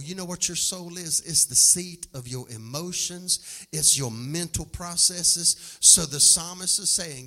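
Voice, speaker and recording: High-pitched preaching pastor in a reverberant hall. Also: male voice, a little slow. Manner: shouting, sing-song preaching cadence. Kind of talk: preaching a sermon. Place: church sanctuary. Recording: long hall reverb from a live church service.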